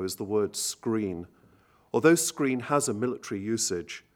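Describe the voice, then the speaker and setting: Measured male lecturer reading poetry aloud. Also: mid-range voice. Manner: measured, literary delivery with slowed emphasis on quoted lines. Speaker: speaker introducing songs at an evening recital.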